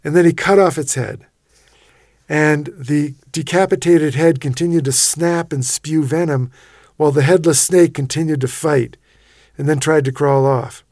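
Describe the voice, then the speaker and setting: A man telling vivid stories as a guest in a radio interview, animated, with frequent restarts. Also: fairly high pitch, moderate pace, no echo, clean studio sound. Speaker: interview guest, expedition writer.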